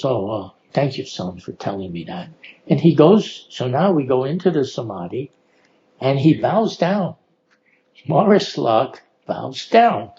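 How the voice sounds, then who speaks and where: Older man, storyteller, slow and unhurried, chuckles often, muffled lo-fi recording. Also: a little high, a little mellow. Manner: unhurried, laughing often, with frequent fillers. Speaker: oral history storyteller. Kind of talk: relaxed personal storytelling.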